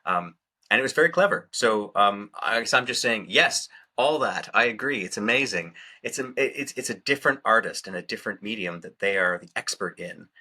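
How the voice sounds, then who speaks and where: Co-host, man, low bright voice, hesitant questioner, casual chat. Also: expressive, brisk. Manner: hesitant, asks questions with many "uh"s. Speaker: podcast co-host.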